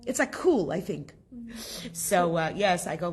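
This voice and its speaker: A middle-aged woman from Canada teaching a casual group class, lively and chatty, often putting questions to her students. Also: fairly low pitch, a little slow.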